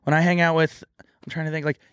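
A man's voice: on the high side, flat delivery, quick pace, fairly bright tone, clear, resonant tone, no room sound, studio quality. A young man from Texas co-hosting a podcast in casual chat, trailing off mid-sentence and giving dramatic opinions. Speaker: podcast co-host.

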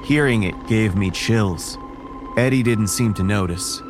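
A man narrating a first-person horror story in a measured, wary tone. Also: fairly low pitch, music in the background.

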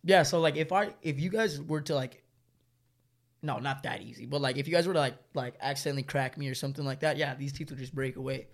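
A man's voice: medium pitch, quick pace, creaky. A young man, telling a long story in slangy, rambling casual chat and laughing often. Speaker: storyteller guest.

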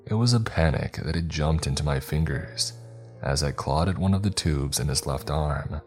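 A man reads a scary story aloud in a measured, somber way. His voice is extremely deep, and faint music plays beneath the narration. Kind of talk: scripted narration.

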